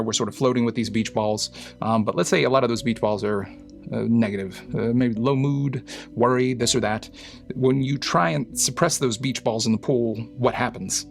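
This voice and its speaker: A man's voice: mid-range voice, gravelly. A man, a psychologist, talking through a clip in a casual explanatory way with lots of fillers. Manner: explanatory, uses fillers and analogies. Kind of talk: reaction commentary.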